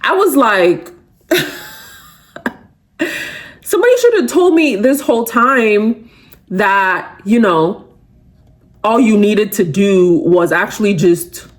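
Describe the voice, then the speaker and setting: A woman hosting a motivational podcast, talking casually with lots of fillers and growing lively when she recounts her own reactions. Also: medium pitch, normal speed. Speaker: podcast host.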